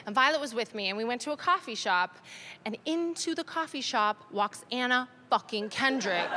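A Canadian woman in her thirties telling a stand-up story, animated and self-mocking, swinging between dry asides and excited outbursts. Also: sits high, a little hiss or hum. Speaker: stand-up comedian.

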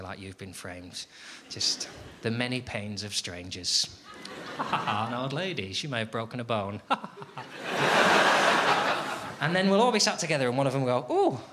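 This is a live comedy club recording, very noisy with loud audience laughter, in a venue full of laughing people. A man doing stand-up speaks at a normal speed with medium pitch and lively intonation, and he slips into an overdone sing-song voice when imitating how he addresses his housemates.

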